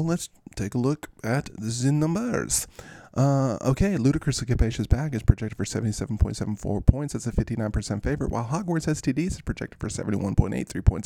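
A man's voice: medium pitch, brisk, vocal fry, a little mellow, no room sound, studio quality. A man hosting a podcast, giving casual fantasy sports commentary with goofy, rambling asides. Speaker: podcast host.

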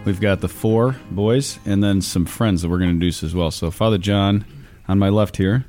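A man's voice: low voice, moderate pace, darkish tone, faint music behind. A man, a priest, co-hosting a casual podcast chat in an easygoing, teasing way.

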